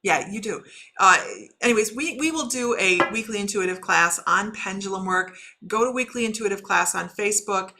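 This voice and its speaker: A woman's voice: mid-range voice, moderate pace, background noise. A middle-aged woman, a shaman and intuitive reader, chatting casually on a livestream, laughing often and talking to viewers by name.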